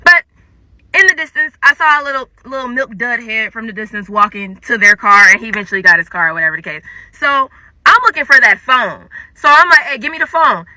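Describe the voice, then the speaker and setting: A young woman telling a personal story in a casual storytime, animated and dramatic, acting out the quotes. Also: on the high side, brisk, dry recording. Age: young adult.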